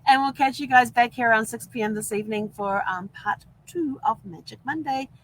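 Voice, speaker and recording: A New Zealand woman with a matching accent hosts a casual live-stream vlog from inside an RV, upbeat and rambling as she acts out things she once said. Her voice is a little high, a bit bright and a little fast, and the audio is poor.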